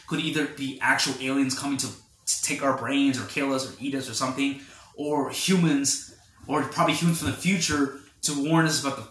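A man's voice: mid-range voice, sharp tone. A young man hosting a podcast, rambling through a casual film review with lots of fillers. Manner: rambling, filler-heavy retelling. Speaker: podcast host. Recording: roomy echo.

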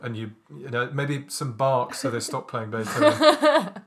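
Podcast guest, dry humor, mid-pitched voice, easygoing chat. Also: wildly swooping pitch, unhurried, a bit bright, slight background noise. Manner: dry, joking asides. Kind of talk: casual chat.

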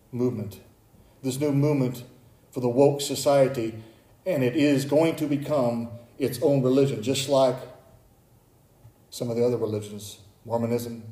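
Preaching man in an echoey hall. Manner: preaching, builds from low and quiet to high and urgent. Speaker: pastor. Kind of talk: sermon.

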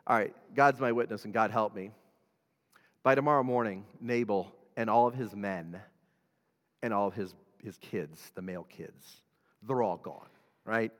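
A grim, vengeful man mutters his oath of destruction in a low, hushed voice, as a preacher puts him on. The words carry a steady, determined edge. Long reverb trails behind him from a large hall. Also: moderate pace, close to an everyday voice. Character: vengeful man vowing to wipe out his enemies.

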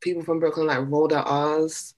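A young adult student studying abroad in casual chat, bubbly and enthusiastic with quick laughs. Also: mid-range voice, little pitch movement.

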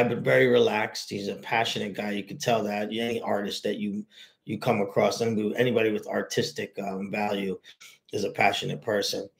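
Gravelly rambling New podcast host. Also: male voice, lowish voice. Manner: rambling, animated storytelling with many fillers and restarts. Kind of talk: casual solo podcast chat.

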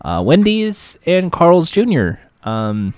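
A man's voice: on the high side, wildly swooping pitch, slow, darkish tone, dry recording, clean studio sound. A man from California co-hosting a podcast, chatting in a playful, joking way with plenty of fillers. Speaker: podcast co-host. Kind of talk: casual chat.

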